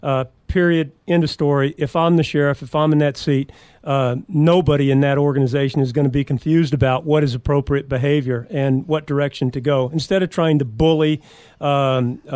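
A man's voice: fairly high pitch, fairly even intonation, fairly quick, a little mellow, clear, resonant tone, dry recording. A man talking as a sheriff candidate on a radio talk show, speaking earnestly in a campaign style with frequent restarts and fillers.

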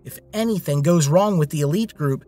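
A man's voice: sits high, sing-song, a little slow, slightly rough, soft background music, pitched above the performer's own voice, full character voice. A man reading a story voices an angry young businesswoman in a raised, strained tone. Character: furious young businesswoman, scolding.

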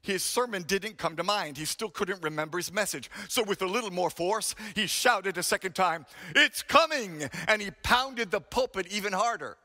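A man's voice: high voice, normal speed, hardly any pauses, bright, forceful tone, long reverb tail. A male pastor preaching a sermon, dramatic and emphatic, telling stories to make his point.

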